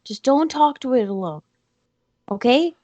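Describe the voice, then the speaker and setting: A woman's voice: high-pitched, animated, unhurried, warm tone, no echo, muffled recording. A woman playing a tabletop role-playing game, talking urgently and insistently. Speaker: player. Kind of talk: in-character tabletop role-play.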